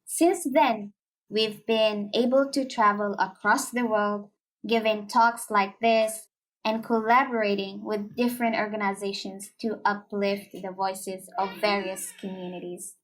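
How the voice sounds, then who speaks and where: A young woman reading a personal story aloud in an earnest, measured way. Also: medium pitch, steady tone. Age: young adult. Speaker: story reader. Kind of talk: scripted narration.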